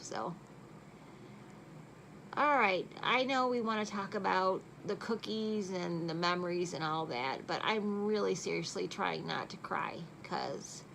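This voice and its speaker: A woman's voice: medium pitch, vocal fry, a bit bright, slight background noise, poor audio. A middle-aged woman chatting casually through a makeup tutorial at home at night, joking at her own expense. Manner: chatty and self-deprecating. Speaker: makeup vlogger.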